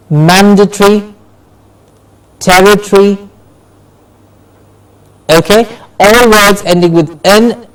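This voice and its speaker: A man teaching English pronunciation in a class lesson, slowly repeating example words one at a time. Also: fairly high pitch, recorded from a distance, low-quality recording. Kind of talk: classroom lesson on word stress.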